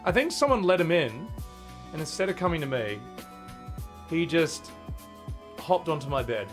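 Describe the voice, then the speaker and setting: Man in his thirties, game streamer, lively swooping voice, slightly high, faint music behind. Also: moderate pace, long pauses. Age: 30s. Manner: animated and chatty, laughs often. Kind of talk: casual live-stream chat.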